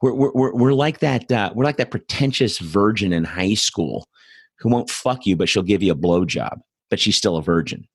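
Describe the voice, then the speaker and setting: A man's voice: lowish voice, expressive, moderate pace, husky, no echo, studio quality. Profane, sarcastic man ranting. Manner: angry, profane, sarcastic, with stuttered restarts. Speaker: host. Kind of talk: ranting political commentary. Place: home in Austin.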